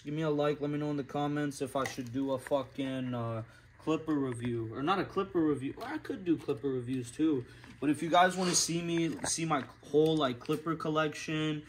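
A man who works as a barber, hosting a casual vlog in a profane, animated, ranting way. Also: on the high side, slight background noise.

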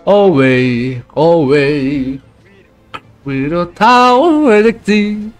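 Excitable young man streaming a game. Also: on the high side, faint music behind. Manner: excitable, shouts hurried callouts to teammates. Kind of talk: live gameplay commentary.

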